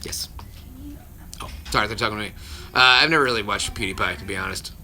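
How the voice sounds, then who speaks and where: Rapid-fire and sharp-toned, a voice actor with a fairly low voice answers viewers' questions on a casual home livestream from his phone, his children nearby. He rambles, cuts himself off often, and chuckles between answers.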